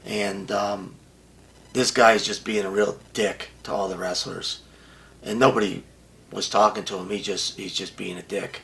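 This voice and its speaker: A man's voice: lowish voice, level tone, normal speed, vocal fry, a bit bright. An older man bluntly telling a profane story as an interview guest, often acting out what others said.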